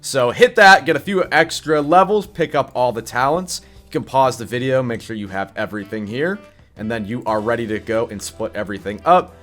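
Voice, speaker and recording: A man's voice: mid-range voice, lively intonation, fairly quick, a bit bright, soft background music. Congested young man ranting bluntly. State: congested, scratchy voice. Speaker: gaming YouTuber. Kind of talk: casual rant and game build guide.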